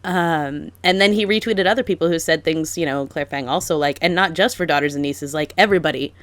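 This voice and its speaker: A young woman co-hosting a casual podcast, talking in an animated, exasperated way with lots of "like". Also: sits low, fast, no echo. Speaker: podcast co-host. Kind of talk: casual chat.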